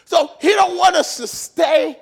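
A male pastor with an unusually high voice delivers a sermon in a church, shouting and hammering his points with repeated phrases. His tone is gravelly and he takes his time, drawing words out slowly. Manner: shouting, emphatic preaching with repetitions.

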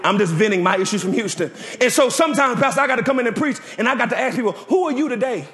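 A man preaching a sermon as a visiting preacher in a church, firing call-and-response lines and shouting them out. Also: very high voice, animated, fast talker, noisy background. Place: church sanctuary. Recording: roomy church echo.

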